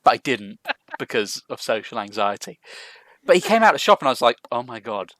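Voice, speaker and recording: A man with a mid-pitched voice that moves a lot as he talks. He tells chatty anecdotes and reads out news items in a relaxed podcast manner. The recording is close and dry. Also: brisk, no room sound. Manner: chatty anecdote telling, leads the news segment. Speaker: podcast co-host. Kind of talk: casual chat.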